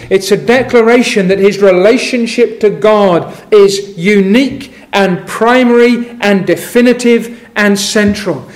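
A middle-aged man preaching a sermon, measured and emphatic, quoting scripture as he builds his points. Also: high-pitched.

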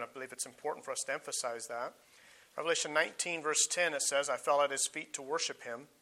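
A man preaching a sermon, pausing often with fillers and restarts, and repeating his key points for emphasis. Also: medium pitch, sharp tone.

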